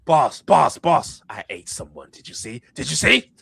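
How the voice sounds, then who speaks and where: A man doing an excitable wild pirate girl. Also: on the high side, slow, gravelly, breathy edge, dry recording, pitched above the performer's own voice, full character voice. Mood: excited.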